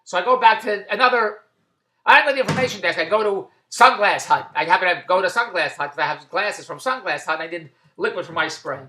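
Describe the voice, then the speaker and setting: A man vlogging about his day at a shopping mall, rambling and repetitive, breaking into loud plugs for his business. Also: high-pitched, animated, fast, reverberant. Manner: repetitive, tangential, with loud self-promoting plugs. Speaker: vlogger and online business owner. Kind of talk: rambling casual vlog.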